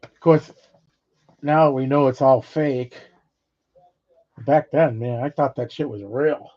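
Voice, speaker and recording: A man's voice: medium pitch, slow pace. A middle-aged man casually rambling through old stories, swearing freely and laughing between them. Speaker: vlogger. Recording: dull lo-fi audio.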